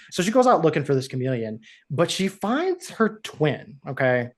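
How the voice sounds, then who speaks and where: A man's voice: on the high side, normal speed. A man on a podcast, casually recapping a TV episode and acting out the characters' lines as he goes. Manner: animated, acts out characters' lines while retelling. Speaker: podcast co-host.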